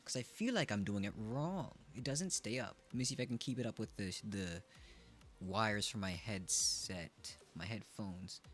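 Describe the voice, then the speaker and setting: A man in his twenties chatting casually on a live stream, playful and joking at his own expense. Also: medium pitch. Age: 20s. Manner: playful, joking, self-mocking. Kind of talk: casual chat.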